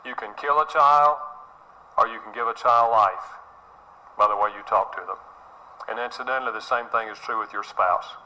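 Bright-voiced man preaching. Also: mid-range voice, normal speed, rough recording. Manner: earnest, repeats himself, acts out quotes. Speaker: speaker on parenting. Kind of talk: sermon-style talk.

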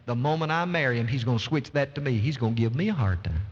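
A male pastor preaching a sermon with impassioned, dramatic delivery, stretching key words slowly for emphasis. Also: medium pitch, lively intonation, husky. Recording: dull lo-fi recording in a reverberant church hall.

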